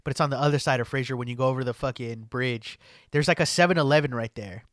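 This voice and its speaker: A young man, chatting on a podcast in a slangy, profane, animated way. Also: mid-range voice, fast talker, no room sound, clean studio sound. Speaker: podcast host. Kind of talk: casual storytelling chat.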